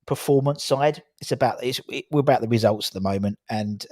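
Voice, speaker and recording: A man hosting a fan live-stream, chatting casually about football with callers, often animated and swearing now and then. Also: mid-range voice, brisk, no room sound, studio quality. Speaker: host of a fan live-stream call-in show. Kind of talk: casual chat and football opinion.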